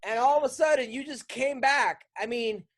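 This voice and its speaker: A man's voice: extremely high pitch, moderate pace. A man hosting a podcast, chatting casually and enthusiastically. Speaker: podcast host. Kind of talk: casual chat.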